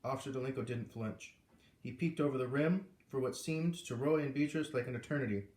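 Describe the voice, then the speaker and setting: A man reading a chapter of a novel aloud in an even, measured storytelling manner. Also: medium pitch. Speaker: reader. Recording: roomy echo.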